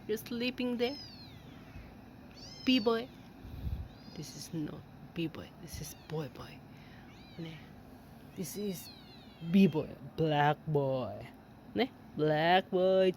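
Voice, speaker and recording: A woman filming her cats at home, talking to them in slow, cooing baby talk and laughing often. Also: medium pitch, a little mellow, a little hiss or hum. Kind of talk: casual baby talk to kittens. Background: kittens meowing.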